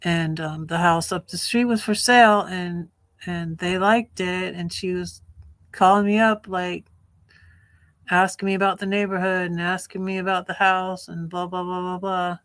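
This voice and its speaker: A woman's voice: fairly low pitch, steady tone, normal speed, a bit bright. A middle-aged woman hosting her own live stream, talking in a rambling, candid and emphatic way. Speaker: livestream host. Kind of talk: casual live-stream monologue.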